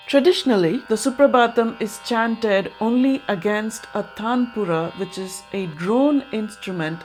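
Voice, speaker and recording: A woman narrating a scripted music lesson, explaining clearly and slowly and speaking rhythm patterns aloud as demonstrations. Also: fairly high pitch, a little mellow.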